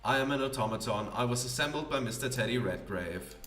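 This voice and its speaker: An earnest, well-mannered automaton speaks in careful, formal sentences, read by a man in a game playthrough. The delivery stays plain and measured. The room rings a little and the voice sits back from the mic. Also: mid-range voice, animated, fairly bright tone, echoey room, far from the mic, slight background noise, natural voice. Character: polite earnest male automaton.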